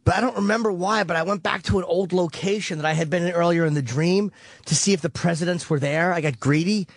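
A man's voice: sits high, fast, no room sound, studio quality. A man on a radio show rambling through a long, profane story in casual talk. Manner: profane, rambling, vivid retelling.

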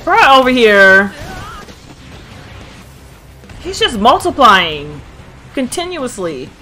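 Woman, anime reaction host, lively swooping pitch, bright voice, faint music behind. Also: slow pace. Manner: excitable, cursing, talks back to the screen. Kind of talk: casual reaction commentary.

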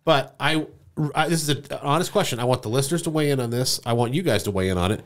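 Talking fast at a medium pitch, this movie podcast co-host keeps the casual conversation lively. He performs quoted lines and laughs a lot.

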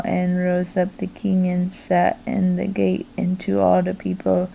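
A woman reads scripture aloud at a slow, careful pace. Her voice is mellow and dark, and her pitch hardly moves at all. The delivery is steady and deliberate from line to line. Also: creaky, slight background noise, rough recording. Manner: slow, deliberate, monotone reading. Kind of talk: scripture reading.

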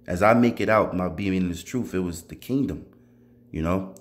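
Low-pitched man, testimony storyteller, loose rambling delivery full of "you know" and restarts. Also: normal speed. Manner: rambling, conversational, many fillers and restarts. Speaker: testifying believer. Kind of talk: recounting a dream as a religious testimony.

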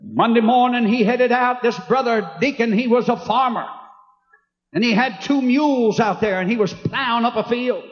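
A man preaching a fiery revival sermon, shouting fervently as he tells a story. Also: extremely high pitch, moderate pace. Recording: echoey hall, dull sound, audience.

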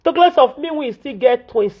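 A woman's voice: sits high, animated, normal speed. A Nigerian woman vlogger, venting in Pidgin English and scolding repetitively in an indignant tone. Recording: dull lo-fi audio.

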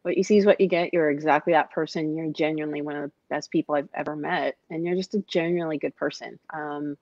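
Low voiced lady, soft and hesitant, dull dry audio. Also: fairly even intonation, fast, dry recording. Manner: soft-spoken, hesitant with fillers. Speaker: host's wife. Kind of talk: casual chat.

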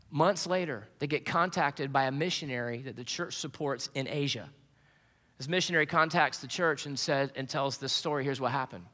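Bright-voiced preacher in a reverberant hall. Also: male voice, a little high. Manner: earnest storytelling preacher with restarts. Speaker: pastor. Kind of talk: sermon. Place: church sanctuary.

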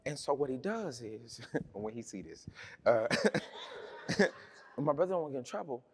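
A man's voice: medium pitch, sing-song, normal speed. A man preaching a sermon, telling a personal story in a conversational, humorous way with many restarts.

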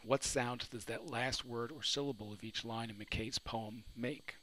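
A man's voice: medium pitch, steady tone, a little slow, sharp tone, a little hiss or hum, rough recording. A man teaching a recorded lesson on poetry, asking his students questions and answering them himself. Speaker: literature teacher. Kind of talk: recorded lecture. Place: New Orleans.

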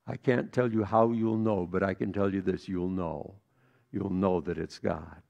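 Gravelly-voiced pastor preaching a sermon. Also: male voice, deep voice, steady tone, a little slow, muffled recording. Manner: storytelling, swings from hushed to emphatic.

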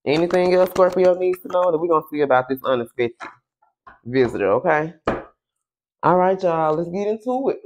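A man giving a casual tarot reading to camera. He keeps checking in with "okay?" and "y'all", swears freely, and draws his questions to Spirit out slowly while he shuffles. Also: a little high, expressive, slight background noise. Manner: chatty, tags lines with "okay?" and "y'all". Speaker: tarot reader.

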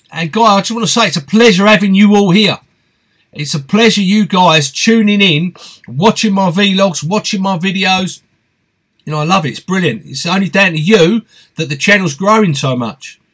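A man's voice: sits high, a bit bright. A man hosting a live stream, reading out viewer comments and answering them in a chatty, friendly way. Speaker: host of a fishing live stream.

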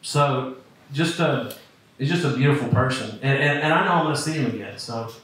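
A man giving a rambling, heartfelt tribute, halting and restarting often. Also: mid-range voice, heavy background noise. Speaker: comedian paying tribute. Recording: echoey room from far off.

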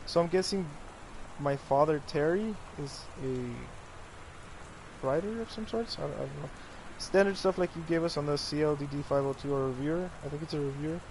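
Excitable, swearing young gamer guy. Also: on the high side, normal speed, slight background noise, low-quality recording. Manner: excitable, profane, reads notes aloud. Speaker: gaming YouTuber. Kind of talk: casual let's-play commentary.

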